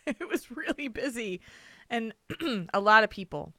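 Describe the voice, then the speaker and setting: Woman, podcast host, casual chat, giggly, bright tone, dry close sound. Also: fairly high pitch, big pitch swings, a little slow, dry recording. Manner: giggly, chatty. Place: home. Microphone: video call.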